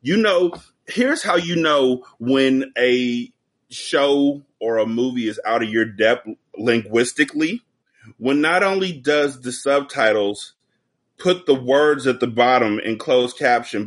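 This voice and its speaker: As a guest on a podcast over a video call, a man swaps stories and jokes in a profane, casual chat. He has a medium pitch and a measured pace.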